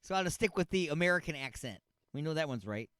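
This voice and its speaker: High, lively joking radio host man. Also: fast talker, clean tone, no echo, studio quality. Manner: rambling, jokey, mock-outraged; repeats himself, stretches words for effect. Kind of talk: comedic radio talk.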